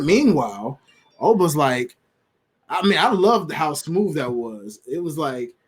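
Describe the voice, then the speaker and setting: Animated slangy man talking wrestling. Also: on the high side, measured pace, slightly rough. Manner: animated, slangy, acts out quotes in funny voices. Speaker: podcast co-host. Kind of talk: casual wrestling chat.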